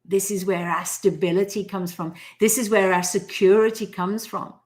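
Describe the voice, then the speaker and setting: A woman's voice: mid-range voice, level tone, normal speed, a little mellow. Australian woman, 40s, live-stream host, chatty storyteller. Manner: chatty storyteller who acts out quotes. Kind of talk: casual live-stream talk on manifesting.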